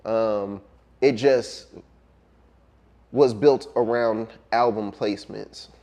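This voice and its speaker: A man's voice: on the low side, fairly even intonation, dark tone. Laid-back man, music producer guest. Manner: laid-back, reflective, many ums and trailing pauses. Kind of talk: casual interview conversation.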